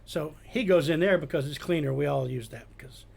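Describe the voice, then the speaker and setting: An older man, a retired police detective, telling animated anecdotes in a casual chat. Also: fairly high pitch, fairly quick, vocal fry, breathy edge. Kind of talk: casual storytelling.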